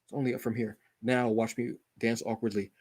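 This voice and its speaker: A man's voice: mid-range voice, level tone, brisk, darkish tone, husky, dry recording. A man hosting his own livestream, chatting casually in a rambling, self-deprecating way. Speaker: channel host.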